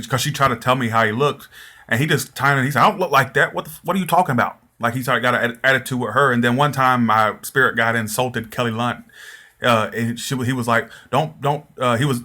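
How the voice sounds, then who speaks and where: A man's voice: lowish voice, bright, forceful tone. A man rambling through viewers' comments in a casual live chat, laughing often and restarting his sentences. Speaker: tarot reader answering viewer comments.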